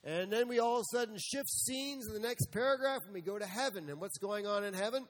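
A man's voice: sits high, quick pace, in a large hall. A male pastor preaching a sermon, emphatic and full of rhetorical questions, sometimes acting out God's voice. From United States. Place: church sanctuary.

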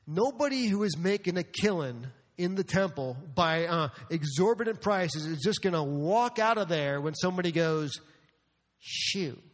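A man with a high voice preaches to his congregation. He talks in an animated way and rises to emphatic outbursts. His voice rings with the long reverb of a church sanctuary. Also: moderate pace, few pauses. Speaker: pastor. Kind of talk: sermon.

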